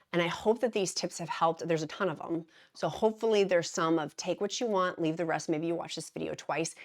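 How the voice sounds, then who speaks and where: A middle-aged woman talks casually to camera as a vlogger. Her voice sits a little low, and she is chatty and giggly. She sounds warm and encouraging throughout. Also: vocal fry.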